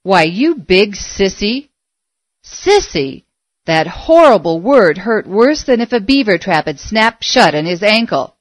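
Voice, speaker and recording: A woman narrating a story aloud in a measured, expressive way. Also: mid-range voice, no echo. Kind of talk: audiobook narration.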